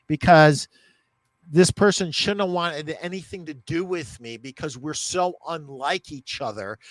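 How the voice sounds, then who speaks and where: A man's voice: a little high, a bit bright, dry recording. A man hosting a podcast interview, a store owner talking in an earnest, heartfelt way.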